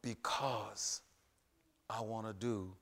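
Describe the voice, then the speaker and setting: Emphatic preacher man with loud rises. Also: on the low side, fairly even intonation, slow pace. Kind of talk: sermon.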